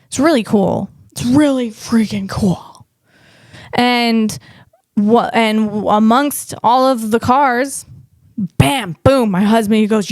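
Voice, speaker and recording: A woman's voice: fairly high pitch, takes it slowly, a little mellow, no echo, studio quality. A woman comedian hosting a tech show, riffing in a loose, rambling monologue full of playful asides. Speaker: comedian host.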